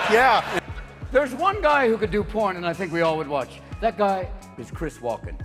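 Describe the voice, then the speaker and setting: A man doing stand-up comedy, switching rapidly between voices and shouting punchlines before a live audience. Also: sits high, animated. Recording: live stage mic with music and crowd laughter.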